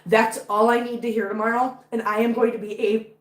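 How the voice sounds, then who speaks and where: Chatty woman on a home livestream, kinda high voice, emotional and rambly, echoey room. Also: level tone, brisk, background noise. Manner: chatty and emotional, anxious about her cat. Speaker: cat-owning live streamer. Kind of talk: casual livestream chat. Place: home with many cats.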